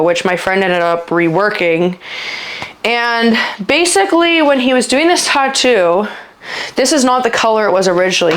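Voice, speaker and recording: A woman vlogger telling a personal story in casual chat, rambling with lots of filler words and sometimes halting and trailing off. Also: lowish voice. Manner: halting, trailing off when upset.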